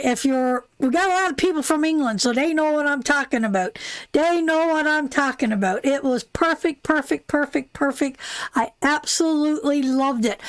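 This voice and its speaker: Brief: high-pitched woman from Canada, unhurried, rambling live-stream tarot host, dry close sound. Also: dry recording. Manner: chatty and rambling, calls viewers darling and sweetheart. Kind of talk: casual live-stream chat.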